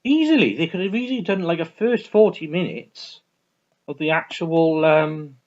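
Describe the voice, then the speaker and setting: A man's voice: on the high side, lively intonation, normal speed. A man rambling through a casual film review, restarting sentences and swearing freely. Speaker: vlogger reviewing films. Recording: dull lo-fi recording.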